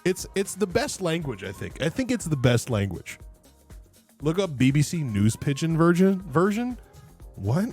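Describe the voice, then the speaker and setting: Young male streamer, lively casual ramble, laughs a lot, salty mouth, faint music behind. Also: a little high, moderate pace. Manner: laughing often, rambling, swears freely. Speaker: livestreamer.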